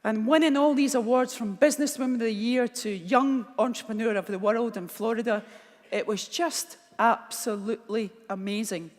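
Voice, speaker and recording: A middle-aged Scottish woman giving a keynote speech, telling blunt, animated stories and acting out the dialogue. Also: on the high side, normal speed. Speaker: keynote speaker. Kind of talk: motivational keynote storytelling. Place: large conference hall. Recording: long hall reverb.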